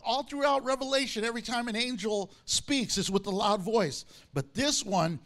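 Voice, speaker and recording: A man preaching a sermon, reading scripture aloud with strong emphasis and lively commentary. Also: extremely high pitch, moderate pace, hardly any pauses. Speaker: pastor.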